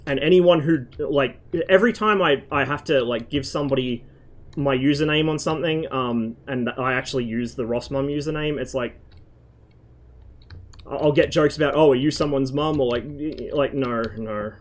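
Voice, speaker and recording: A man's voice: medium pitch, normal speed. Rambling, swearing young male streamer. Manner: rambling, swears freely, frequent restarts. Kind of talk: casual gaming stream commentary.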